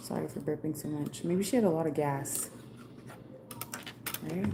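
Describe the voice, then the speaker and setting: A woman's voice: low-pitched, normal speed, noisy background. A woman giving a chatty, rambling live-stream card reading, passing on messages from spirits. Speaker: psychic card reader.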